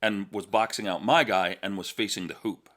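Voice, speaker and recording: A middle-aged man co-hosting a podcast, explaining a story with halting, repeated words in casual chat. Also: on the low side, a bit bright. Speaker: podcast co-host.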